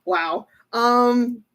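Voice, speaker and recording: Casting: young woman tarot reader, unhurried delivery, giggly and excitable, casual stream chat. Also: on the high side. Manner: giggly, excitable, laughs often between phrases. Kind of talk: casual livestream tarot reading.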